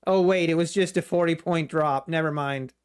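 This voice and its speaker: A man's voice: fairly high pitch, normal speed, smooth. A man hosting a live day trading stream, chatting with viewers, laughing a lot and joking in mock panic about market drops. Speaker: day trading livestream host.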